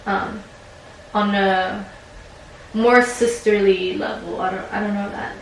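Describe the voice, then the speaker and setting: A woman's voice: medium pitch, fairly even intonation, slow, creaky. A woman in her twenties, speaking as a client in a counseling session, reflective and hesitant with many fillers. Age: 20s. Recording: very echoey room, distant mic, faint noise.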